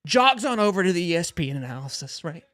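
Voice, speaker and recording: Ranting young man, bright lively voice. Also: sits high, quick pace, no room sound. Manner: angry, ranting, swears a lot, reads out donations. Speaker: sports livestream host. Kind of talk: ranting fan livestream.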